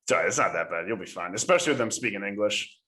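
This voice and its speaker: Animated American man telling stories, echoey room. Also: on the low side, very fast. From United States. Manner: animated, laughing storyteller. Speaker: podcast co-host. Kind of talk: casual storytelling chat. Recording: roomy echo.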